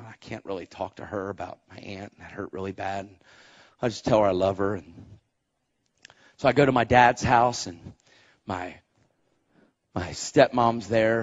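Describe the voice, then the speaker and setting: A man preaching a testimony sermon, telling his story emphatically and punching it with sound effects. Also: lowish voice. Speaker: evangelist. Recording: dull, muffled recording.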